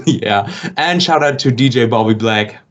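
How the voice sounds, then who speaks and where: A man talks casually on a podcast, stopping and restarting his sentences as he goes. His voice sits at an ordinary middle pitch, and his asides are dry and wry. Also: lo-fi sound, slight background noise. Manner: halting, filler-heavy, wry. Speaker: podcast co-host. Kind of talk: casual chat.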